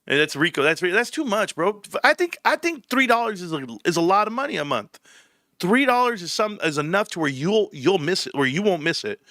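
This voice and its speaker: A middle-aged man hosts a casual livestream, speaking a little fast in a dry, studio-quality recording. He's an animated storyteller who acts out quotes with big jumps in pitch, laughs often, and says "bro" a lot.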